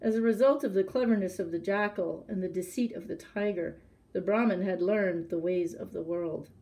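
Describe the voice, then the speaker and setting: A librarian reading a children's story aloud with expressive, animated delivery, then explaining a craft. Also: female voice, on the low side, moderate pace.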